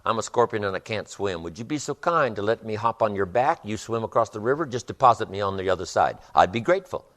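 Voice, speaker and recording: A man voicing a smooth-talking scorpion in a spoken fable, who politely coaxes a frog into carrying him. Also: on the low side, lively intonation, quick pace, few pauses, fairly bright tone. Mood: coaxing. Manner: coaxing, falsely polite. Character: sly, smooth-talking scorpion, deadly by nature.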